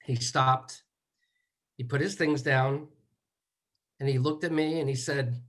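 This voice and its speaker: A man giving measured remarks as a son at a memorial, moving through slow, deliberate lists. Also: mid-range voice, steady tone. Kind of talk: eulogy remarks.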